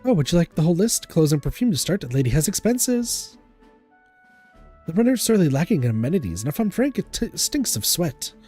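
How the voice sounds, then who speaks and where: A vain, glamorous lady singer with a raised, swooping voice and a soft, mellow tone, as a man reads her lines aloud. She speaks in a theatrical, lilting way with a haughty edge, while game music plays faintly behind. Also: on the high side, animated, brisk, pitched above the performer's own voice. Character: glamorous grown woman singer, teasing and vain. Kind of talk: reading game dialogue aloud.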